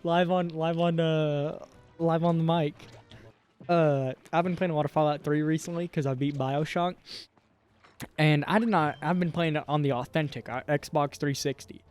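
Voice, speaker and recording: Young male co-host, higher-pitched, rambling comic gaming chat, laughs a lot. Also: steady tone, normal speed, darkish tone, clear, resonant tone, faint music behind. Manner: rambling, jokey, laughs often. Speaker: podcast co-host.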